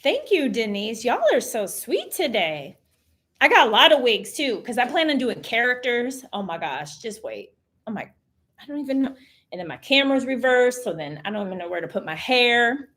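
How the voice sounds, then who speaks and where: A chatty woman hosts a casual stream, talking straight to her viewers. Her voice sits high, and its pitch swings widely from one phrase to the next. She talks with an emphatic, animated manner. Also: moderate pace. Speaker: host. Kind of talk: casual livestream chat.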